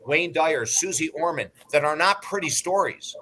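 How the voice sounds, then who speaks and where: A man's voice: a little high, moderate pace. A man in his sixties, a guest in an interview, telling stories bluntly and emphatically, sometimes swearing. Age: 60s. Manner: animated anecdote-teller. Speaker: guest, life coach and broadcaster. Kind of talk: interview storytelling.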